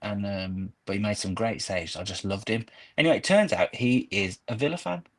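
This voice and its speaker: A man's voice: fairly low pitch, moderate pace, fairly bright tone. A man in his thirties, a podcast guest chatting casually and telling long, rambling, nostalgic football stories. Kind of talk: casual chat.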